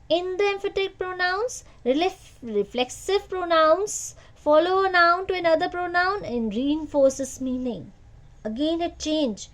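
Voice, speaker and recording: A woman teacher, giving an online grammar lesson to children and repeating key points as questions to the class. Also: extremely high pitch. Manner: slow, repetitive teacher talk with questions to the class.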